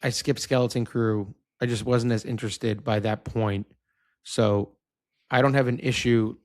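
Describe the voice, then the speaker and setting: Thirties male co-host, relaxed agreeable chatter, average pitch, dry recording. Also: measured pace, no echo. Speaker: podcast co-host. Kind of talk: casual chat.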